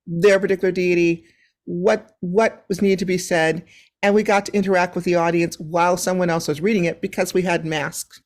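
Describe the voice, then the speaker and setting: A woman speaking as a panelist on a video call, chatty and rambling, with frequent ums. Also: fairly low pitch. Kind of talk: casual conversational sharing on a video call panel. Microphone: video call microphone.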